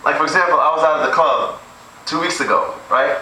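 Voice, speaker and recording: A man's voice: on the high side, quick pace, pushed and bright, slight background noise. A young man rehearsing crude stand-up jokes at home, rambling and laughing at his own material. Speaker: amateur stand-up comic. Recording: echoey room, far from camera mic.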